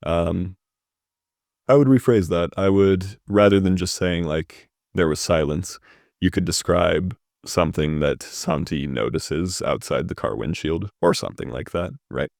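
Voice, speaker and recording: Low-voiced young man critiquing writing. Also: unhurried, creaky, a little mellow, no room sound, studio quality. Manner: casual, hedging, ends points with "right?". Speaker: host critiquing a submitted story.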